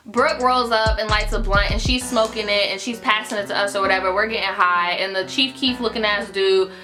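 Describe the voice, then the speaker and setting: A young adult woman telling a story in an animated, profane, filler-heavy style. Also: medium pitch, brisk. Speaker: YouTuber. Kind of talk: casual storytime vlog. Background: music.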